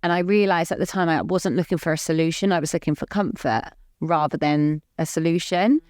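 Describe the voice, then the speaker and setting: A woman's voice: low voice, steady tone, brisk, a little mellow, clear, resonant tone, dry recording, studio quality. A woman co-hosting a podcast, talking openly in a rambling, earnest way full of "like". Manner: rambling, heavy use of "like", open and earnest. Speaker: podcast co-host. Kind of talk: candid casual chat.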